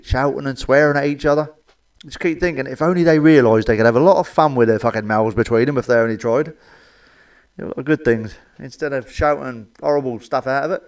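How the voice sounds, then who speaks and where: A middle-aged man reels off blunt, filthy one-liners, swearing freely. His voice sits at an ordinary middle pitch, and he chuckles at his own jokes. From England. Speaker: comedian. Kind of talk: stand-up joke telling to camera.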